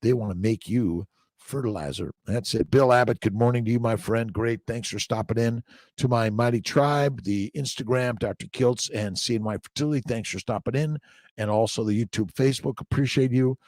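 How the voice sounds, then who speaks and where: With a medium pitch, moderate pace, and darkish tone, this older livestream host is recorded dry. He reads viewer comments aloud on his casual morning stream, rambling in bursts and repeating things for emphasis.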